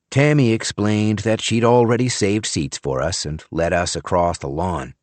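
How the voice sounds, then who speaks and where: A man narrates a first-person audiobook with a wry, expressive delivery. His voice is low and moves animatedly, and the recording is close and completely dry. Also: dry recording.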